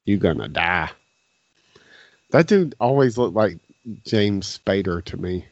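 A man with a lowish voice trades jokes and laughs easily while commenting on a film. His audio comes through a remote call, dull and muffled, with a very dry, close sound. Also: lively intonation, slow, pauses often, no room sound. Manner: joking, laughs often. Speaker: podcast co-host. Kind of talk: casual movie commentary chat. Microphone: remote call, audio cuts out.

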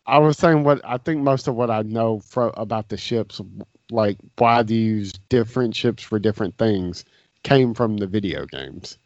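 A man's voice: fairly low pitch, normal speed, a little mellow, highs cut off. A man co-hosting a podcast, chatting casually through a movie commentary over a remote call, joking and laughing often. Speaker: podcast co-host. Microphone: remote call, audio cuts out.

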